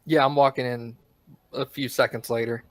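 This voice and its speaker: A man's voice: medium pitch, fairly even intonation, moderate pace, no echo. A man playing a tabletop game, speaking in a laid-back way. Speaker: player.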